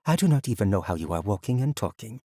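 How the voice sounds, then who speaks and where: A stern woman elder questions a stranger with cold distrust, her words measured and commanding, as a male narrator voices her in a storybook. The voice sits fairly low and is recorded close and dry. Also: very animated, dark tone, no room sound. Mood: distrustful.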